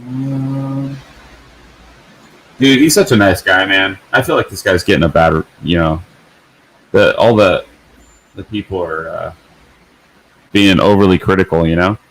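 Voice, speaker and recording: A man's voice: deep voice, unhurried, long pauses. A man hosting a casual livestream, chatty and rambling with fillers. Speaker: livestream host.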